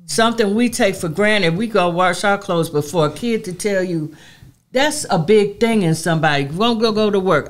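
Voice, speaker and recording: A woman's voice: mid-range voice, moderate pace. Emphatic heartfelt middle-aged woman. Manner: emphatic, heartfelt, preacherly cadence. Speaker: community advocate guest. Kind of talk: interview conversation.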